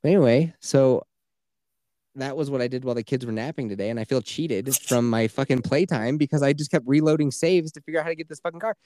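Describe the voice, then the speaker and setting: A man's voice: mid-range voice, quick pace, mellow. A man in his thirties co-hosting a podcast, telling a long gaming story in a rambling, profane way and acting out what people said. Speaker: podcast co-host. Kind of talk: casual chat.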